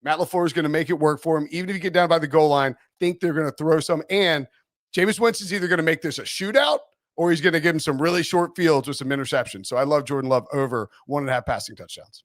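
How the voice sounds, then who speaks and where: A man giving casual sports betting picks, rambling and animated with laughing asides. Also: on the high side, fast, no echo, clean studio sound. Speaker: NFL betting analyst.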